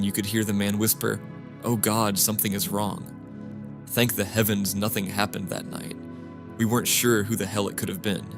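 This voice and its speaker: A man reading first-person stories aloud as scripted narration, in a steady, flat reading manner. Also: on the low side, gravelly. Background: music.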